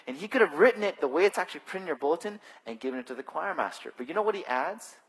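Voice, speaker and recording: A male pastor preaching a sermon in a conversational, animated way with touches of self-deprecating humor, speaking into a stage microphone in a church. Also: on the high side, racing, breathy edge. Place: church sanctuary. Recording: long hall reverb.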